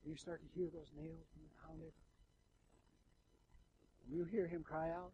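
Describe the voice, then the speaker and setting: Emotional preacher, hushed to booming. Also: male voice, flat delivery, takes it slowly, pauses often, slightly rough, rough recording. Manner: emotional, swings from hushed to loud; conversational with fillers and restarts. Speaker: pastor. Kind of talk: sermon.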